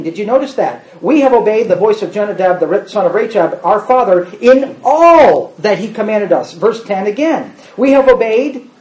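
A man preaching a sermon, reading scripture aloud and breaking in with quick explanatory asides. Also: high-pitched, a little mellow. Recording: roomy, slightly muffled.

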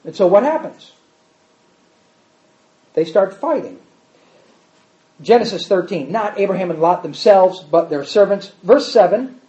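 A man preaching a sermon and reading scripture, shifting between loud emphasis and quiet asides. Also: high-pitched. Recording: echoey hall, slightly dull sound.

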